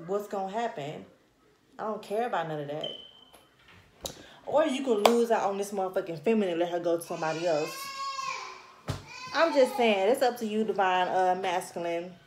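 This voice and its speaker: A woman's voice: medium pitch, darkish tone, roomy sound, a little hiss or hum. A woman reading tarot to camera in a blunt, scolding, heavily profane casual manner. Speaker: tarot reader.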